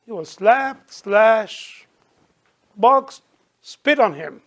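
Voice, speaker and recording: Passionate high-voiced man. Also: animated, extremely slow, long pauses, a bit bright. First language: Arabic. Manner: passionate, emphatic, imperfect English. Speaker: church speaker. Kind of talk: church talk and Q&A.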